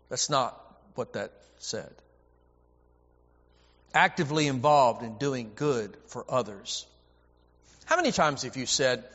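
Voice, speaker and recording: A man's voice: a little high, expressive, a little slow, long pauses, fairly bright tone. A man preaching a sermon, emphatic and repetitive, often stammering as he restarts a phrase. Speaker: preacher and Bible teacher. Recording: dull audio with long hall reverb.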